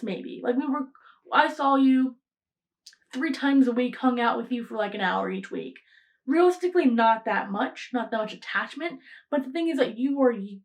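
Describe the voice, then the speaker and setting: A woman's voice: on the high side, vocal fry. A young woman in her late teens hosting a podcast, telling a story in a rambling casual way, full of fillers and restarts. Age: young adult. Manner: rambling, frequent fillers and restarts, acts out quoted lines. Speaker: podcast host.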